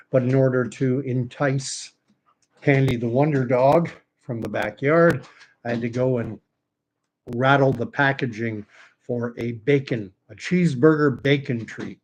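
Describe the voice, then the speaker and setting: Canadian male channel host, mid-pitched, chatty and digressive, casual live-stream delivery. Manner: rambling, chatty, many fillers and asides. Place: home, talking to his dog.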